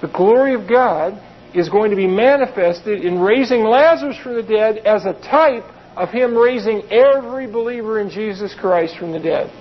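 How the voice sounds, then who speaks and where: A man's voice: high voice, moderate pace, muffled recording. A man preaching a sermon, reading Bible verses and explaining them in a conversational way with plain asides. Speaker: pastor.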